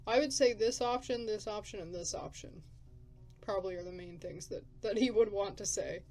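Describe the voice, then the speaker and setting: Woman, gaming creator, casual commentary, chatty and hesitant, mid-pitched voice. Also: normal speed, darkish tone. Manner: chatty, hesitant, thinking aloud.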